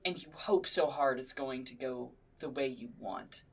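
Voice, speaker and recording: A woman with a low voice co-hosting a casual podcast chat, joking around and swearing freely. She sits a little back from the microphone, so her voice comes across slightly distant. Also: measured pace, slightly rough. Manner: playful, swears freely, laughs often. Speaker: podcast co-host.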